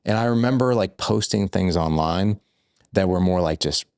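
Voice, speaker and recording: A man's voice: low-pitched, normal speed, darkish tone, clear, resonant tone, dry recording, studio quality. A man who is a guest on a podcast, telling a personal story in loose, candid conversation, full of "like" and "I was like". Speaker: podcast guest, fatherhood coach.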